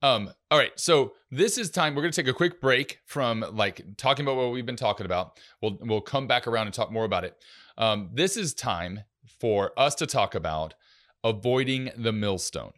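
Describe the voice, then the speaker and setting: A middle-aged man hosting a casual faith-based parenting podcast, talking in a relaxed, rambling way with many fillers. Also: lowish voice, normal speed. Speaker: podcast host, youth minister.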